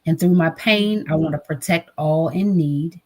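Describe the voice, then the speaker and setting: Telling a moving story from her own life, a trauma advocate from the United States speaks as a guest with earnest sincerity, performing the quoted voices. She has a low, somewhat dark voice and keeps a moderate pace.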